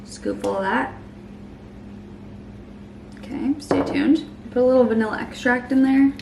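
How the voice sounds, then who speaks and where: A young woman in her twenties chatting casually to camera as she makes a smoothie, saying "like" a lot and sometimes trailing off into soft murmurs. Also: on the high side, measured pace, roomy sound, far from the mic, noisy background. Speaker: lifestyle vlogger. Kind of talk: casual vlog chat. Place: home kitchen.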